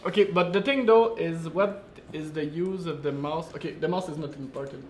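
A man's voice: fairly high pitch, normal speed, darkish tone, echoey room, a little hiss or hum. A man hosting a live game-design stream, thinking aloud and laughing often. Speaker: game developer and stream host.

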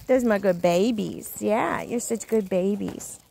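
A woman's voice: medium pitch, unhurried, vocal fry, mellow, slight background noise. A woman chatting casually on a neighborhood street while walking her dogs, cooing at them and laughing often. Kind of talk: casual chat.

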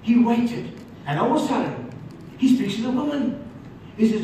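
A man preaching a sermon as pastor, emphatic and shouting at times, then dropping suddenly to quiet. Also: high voice, expressive, normal speed. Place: large church hall. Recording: echoey hall from far off, faint noise.

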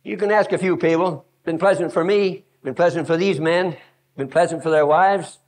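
A man's voice: on the high side, normal speed. A man preaching a sermon at a youth camp, emphatic and repetitive, telling stories to drive his point home.

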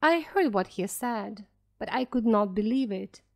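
A woman narrating a storybook for English learners in a careful, clear reading. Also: mid-range voice, animated, unhurried.

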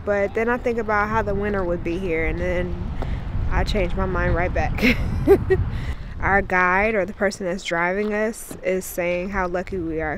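A woman's voice: mid-range voice, noisy background. A woman vlogging casually outdoors on a trip, emotional and grateful, swearing now and then. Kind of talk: casual vlog chat.

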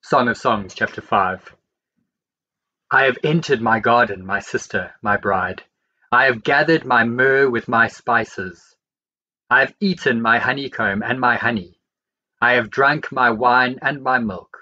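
A man reading the Bible aloud, verse by verse, in a steady and measured way. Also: medium pitch, lo-fi sound. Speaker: Bible reader.

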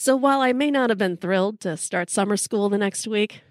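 A woman's voice: medium pitch, fairly quick, no room sound, clean studio sound. Wry woman telling a story. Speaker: podcast host.

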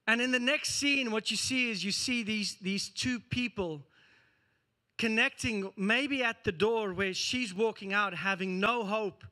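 A man preaching a sermon as pastor, telling a story with lively acted-out scenes. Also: sits high. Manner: animated storytelling, acting out scenes.

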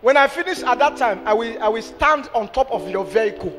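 A man preaching a deliverance sermon, animated, slipping into pidgin, shouting and half-singing his lines. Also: extremely high pitch, a little fast. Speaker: pastor. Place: large church hall. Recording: church hall with reverb, music behind.

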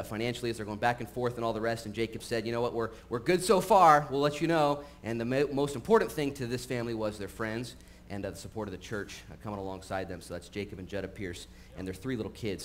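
A man preaching a sermon in a church, talking casually with frequent fillers and getting animated as he tells stories. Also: fairly low pitch. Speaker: pastor. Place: church sanctuary. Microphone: live-streamed recording.

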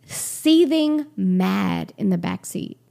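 A woman in her forties, a podcast guest telling her own story candidly, lively and acting out the quoted exchanges. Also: medium pitch, slow, creaky. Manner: animated, acts out quoted exchanges with laughs.

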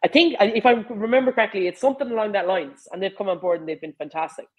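A woman's voice: mid-range voice, racing, narrow, tinny audio. Chatty Irish woman telling stories. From Ireland. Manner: animated, chatty, lots of fillers. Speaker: rugby player and coach, guest. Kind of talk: casual conversational interview.

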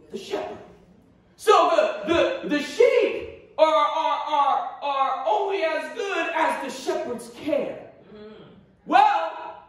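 A man with a very high voice preaches in an impassioned style, repeating words and calling out to the congregation. He is heard from a distance in a strongly echoing church sanctuary. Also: big pitch swings, slow pace, fairly bright tone. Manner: impassioned preaching with repetitions and call-and-response. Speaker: pastor. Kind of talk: sermon. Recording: echoey church from far off.

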